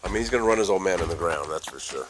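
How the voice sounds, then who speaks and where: A man's voice: deep voice, lively intonation, very fast, heavy background noise. A man, a father, casually chatting and teasing his son. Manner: teasing, repetitive. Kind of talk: casual chat.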